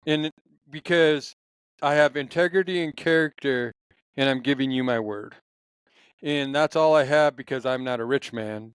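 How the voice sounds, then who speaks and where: A man's voice: medium pitch, moderate pace, clean tone, no room sound, poor audio. A man in casual conversation, telling stories in a rambling, passionate way, with many restarts. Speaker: podcast guest.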